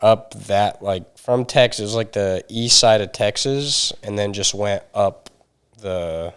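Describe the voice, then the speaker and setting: A man chatting casually on a podcast, chiming in with short, unhurried remarks. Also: on the low side, clean tone.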